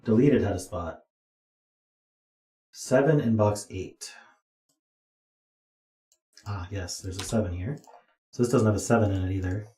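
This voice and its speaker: Tired guy mumbling thru a puzzle solve, mellow low-key voice, kinda echoey room. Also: measured pace, long pauses. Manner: muttering, self-talk with dry asides. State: tired, yawning. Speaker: puzzle streamer. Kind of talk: thinking aloud while solving a puzzle. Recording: roomy echo.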